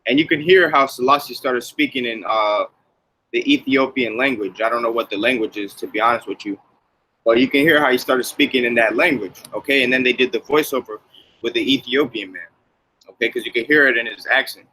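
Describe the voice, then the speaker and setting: A man talks through a casual religious commentary and keeps peppering his lines with "man" and "okay". His voice is bright and forceful. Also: mid-range voice, fairly quick, a little hiss or hum, rough recording.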